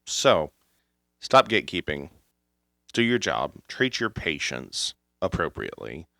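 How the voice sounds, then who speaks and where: A man co-hosting a podcast who hands out blunt advice and swears along the way. His voice is very low and gravelly, with a sharp, forceful edge. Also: very animated, a little slow, dry recording, clean studio sound. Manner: blunt and preachy, swears, backchannels often. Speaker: paramedic podcast co-host. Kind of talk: casual podcast chat.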